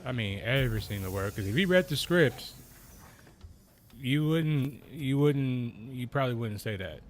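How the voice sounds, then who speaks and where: A man streaming a game, talking slowly and casually in a kept-down voice, with a lot of slang. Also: mid-range voice, lively intonation, slight background noise. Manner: slow, laid-back talker; keeps voice down. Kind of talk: casual live-stream chat.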